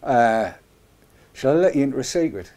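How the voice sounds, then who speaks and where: A man's voice: medium pitch, animated, normal speed, warm tone. A middle-aged man hosting a casual live webcast, joking and rambling with chuckling asides. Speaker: show host.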